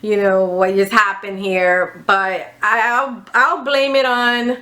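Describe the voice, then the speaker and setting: Bright-voiced woman telling an exasperated storytime. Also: medium pitch, slow. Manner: animated retelling with quoted dialogue; exasperated and candid, with swearing. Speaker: vlogger. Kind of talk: casual storytime vlog.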